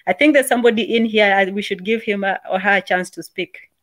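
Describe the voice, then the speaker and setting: A woman's voice: mid-range voice, quick pace, a bit bright. A woman from Kenya with a Kenyan accent, chatting on a podcast panel, rambling and laughing often. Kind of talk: casual panel chat.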